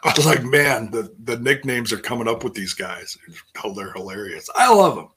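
Guy doing a wrestling recap, kinda husky and bright, rambles and trips over his words a lot. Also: steady tone, moderate pace. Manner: rambling and self-interrupting, acts out quotes in a higher voice. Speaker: wrestling show recap host. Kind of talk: casual wrestling recap chat.

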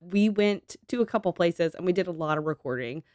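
A woman's voice: on the low side, expressive, brisk, darkish tone, no echo, clean studio sound. A woman co-hosting a casual podcast chat, laughing often and swearing casually as she tells a ghost story. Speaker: podcast co-host.

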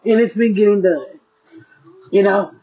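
A woman talking straight to her podcast listeners in a relaxed diary-style chat. She speaks frankly and keeps calling them "y'all". Her voice sits in a middle pitch, and the recording sounds dull and lo-fi. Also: a little slow, slightly rough. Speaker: podcast host.

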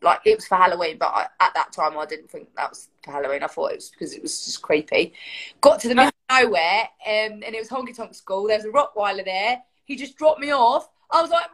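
An English woman, a singer guesting on a show, telling a story in an animated way and acting out other people's lines. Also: mid-range voice, fast. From England.

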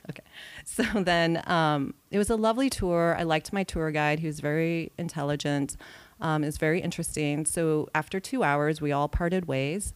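A woman's voice: deep voice, moderate pace, clear, resonant tone, no room sound. A woman in her forties, a podcast guest telling a personal travel story in casual chat, acting out her own thoughts as she goes. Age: 40s. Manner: lively storyteller who acts out her own quoted thoughts.

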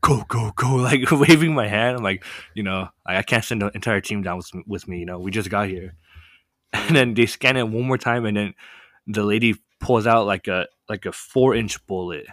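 A young man telling a story in a casual chat, animated and full of fillers. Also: fairly low pitch, normal speed, no room sound, clean studio sound. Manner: animated, many "like" fillers, laughs often. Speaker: podcast guest telling a story.

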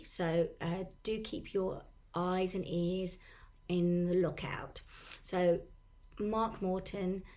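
A woman with a hoarse, sore-throated voice hosts a podcast, chatting casually through announcements. Her voice sits fairly low, and she stumbles over her words now and then. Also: darkish tone. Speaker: podcast host.

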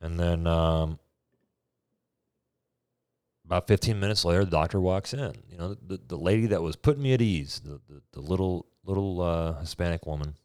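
A man in his twenties with a deep voice, casually telling a personal story and playing out each bit of dialogue with energy. The recording is dry, with no room sound. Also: moderate pace, no echo. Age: 20s. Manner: animated, acts out quoted dialogue.

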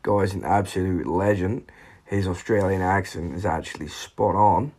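A man in crude, excitable casual chat on a podcast. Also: sits low, moderate pace, husky.

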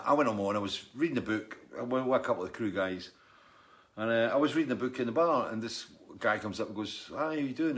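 A chatty, jokey middle-aged musician hosts a live stream, telling rambling stories between viewer comments he reads out. He has a lowish voice with a slightly bright tone.

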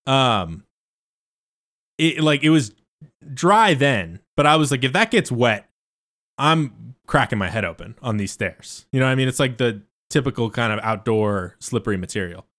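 A man, a stand-up comedian, casually telling a rambling story, swinging between loud asides and muttered remarks with loose, profane phrasing. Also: mid-range voice, animated, normal speed. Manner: loose and profane, lots of fillers and restarts.

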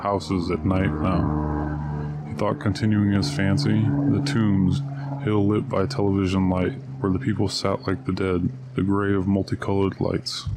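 A man reading a short story aloud, narration and dialogue in one steady, low-key voice. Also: a little slow, very noisy.

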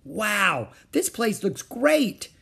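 A man voicing an eager, excitable young girl in a storybook reading. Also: sits high, drawn-out words, vocal fry, slightly rough, pitched above the performer's own voice, heavily acted.

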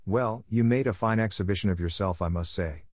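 A man's voice: on the low side, brisk, darkish tone, no room sound, lightly acted. A man voicing a strict, stern middle-aged woman guardian in a storybook reading, severe and dry.

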